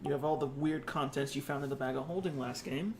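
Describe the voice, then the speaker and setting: A man's voice: medium pitch, fast, a little mellow, slight background noise. A man narrating a tabletop game as game master, casual and laughing with asides to the players.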